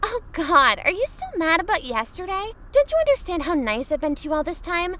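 A woman voicing a snobby, boastful teenage girl bully in an animated story. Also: extremely high pitch, fairly quick, voice pushed up, exaggerated voice. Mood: snippy. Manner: condescending, boastful. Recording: faint music underneath.

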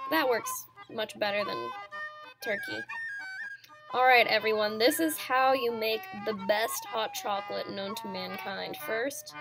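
A woman giving casual gameplay commentary, playing a jokey cooking-show host and laughing at herself. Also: fairly high pitch. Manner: giggly and self-mocking. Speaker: gaming YouTuber.

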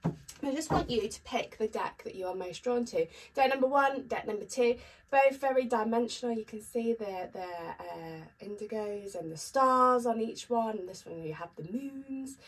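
A woman's voice: on the high side, moderate pace, slightly rough. A woman chatting casually to camera as a tarot reader, upbeat with frequent ums. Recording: distant mic with faint noise.

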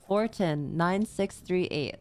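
Female streamer, playful gameplay chat, slow drawl. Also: lowish voice. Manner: chatty, playful, excitable. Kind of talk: casual gameplay commentary.

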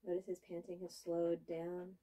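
A woman dog trainer giving calm, patient instruction while working with a puppy, coaxing and praising it. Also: on the low side, normal speed. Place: indoor training room.

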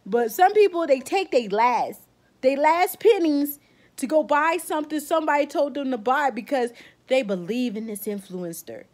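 A woman's voice: high-pitched, lively intonation, normal speed, a little mellow. A woman beauty vlogger giving a blunt, emotional rant in casual slang, close to tears. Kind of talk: heated vlog rant.

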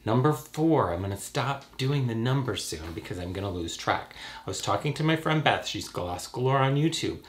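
A young man with a cold, talking straight to camera in a sarcastic, profane, animated rant. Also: mid-range voice, normal speed, hardly any pauses. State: has a cold. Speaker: YouTuber. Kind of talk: ranting casual vlog.

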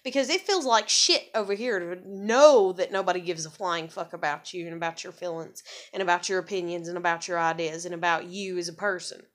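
An American woman ranting in a vlog, angry, profane and rambling, her voice jumping high when heated. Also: a little fast, few pauses. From USA. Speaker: vlogger. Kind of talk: ranting monologue.

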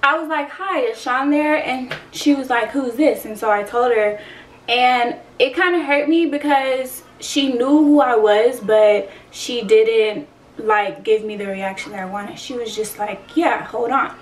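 A young woman in her twenties is telling a raw personal storytime, candid and slangy, with a fair amount of swearing. Her voice sits a little high, and she sounds a bit far from the mic in a roomy, echoey space. A faint hum of background noise runs underneath. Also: unhurried. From San Antonio, Texas. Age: 20s. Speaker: vlogger. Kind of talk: storytime vlog.

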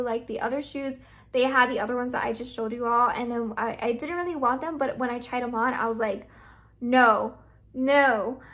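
A woman's voice: high-pitched, a bit bright. A young woman doing a casual unboxing vlog, gushing and effusive, repeating her praise over and over. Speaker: vlogger.

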